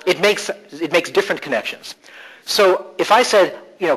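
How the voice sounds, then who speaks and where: A man presenting a live conference workshop, animated and playful, shifting his emphasis for effect. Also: high voice, normal speed, breathy edge, rough recording.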